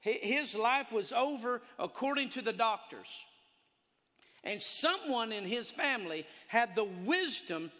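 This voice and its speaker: A man's voice: extremely high pitch, measured pace. Folksy preacher man in a reverberant hall. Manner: folksy, animated, laughs along with his stories. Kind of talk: sermon.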